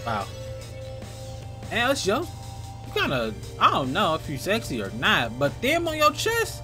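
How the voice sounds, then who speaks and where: A man's voice: sits high, wildly swooping pitch, unhurried, pushed and bright. A man giving casual, crude, joking gameplay commentary full of slang. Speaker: gaming youtuber. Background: game music.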